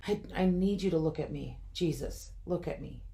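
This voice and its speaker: A woman's voice: deep voice, normal speed, gravelly, dark tone. A woman reading the lines of the Holy Spirit as a motherly figure who urges and comforts with a cracking voice. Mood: tender. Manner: firm, then breaking with emotion.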